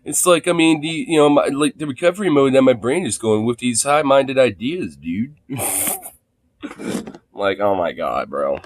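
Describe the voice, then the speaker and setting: Streamer guy, swears a lot, laughs at clips, mid pitch, dry sound. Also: expressive, normal speed, no room sound. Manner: profane, laughing, mocking impressions. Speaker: streamer reacting to videos. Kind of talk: casual live-stream commentary.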